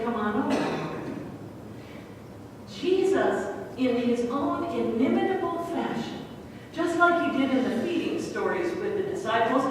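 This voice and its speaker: A woman pastor giving a sermon, telling a scripture story with lively acted-out bits. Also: fairly high pitch, a little hiss or hum. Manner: lively storytelling, acting out the scene. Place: large church sanctuary. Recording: distant mic in echoey hall.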